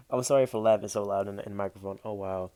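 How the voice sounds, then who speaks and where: A man's voice: lowish voice, dark tone. A man hosting a reaction video, talking casually and incredulously with loose slang, recorded on a basic built-in mic instead of a real microphone. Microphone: built-in mic, not a real microphone.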